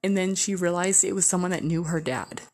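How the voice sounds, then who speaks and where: A woman's voice: lowish voice, steady tone, a little fast, a little mellow. A woman casually telling a candid, profane story, full of "like" and blunt asides. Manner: candid, profane, heavy use of "like".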